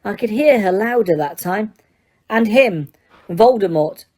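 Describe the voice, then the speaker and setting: A woman's voice: lively intonation, measured pace. A woman voicing a determined teenage boy wizard. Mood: earnest. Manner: yells spells in strained high shouts. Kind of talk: audiobook character reading.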